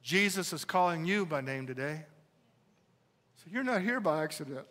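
A man's voice: on the high side, expressive, moderate pace, long pauses, fairly bright tone, in a large hall. A middle-aged male pastor preaching a sermon, building emphasis and asking the congregation rhetorical questions.

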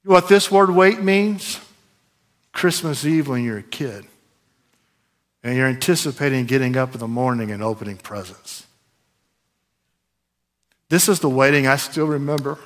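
A middle-aged man preaching a sermon in a conversational, animated way, with sudden loud bursts. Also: mid-range voice, a little slow, long pauses. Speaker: pastor.

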